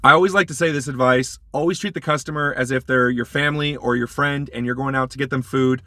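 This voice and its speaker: A man's voice: medium pitch, steady tone, fast talker, pushed and bright, no echo. A man who works as a food delivery driver, casually telling stories and giving advice in a loose, conversational way, often saying "like" and "um.". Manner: conversational, loose, many fillers like "like" and "um"; acts out his own polite apologies in quotes.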